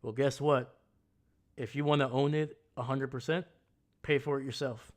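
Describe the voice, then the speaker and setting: A man's voice: medium pitch, fairly even intonation, normal speed. A man hosting a casual live stream, ranting bluntly and heatedly about sports. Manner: greets chat viewers loudly. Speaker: livestream host.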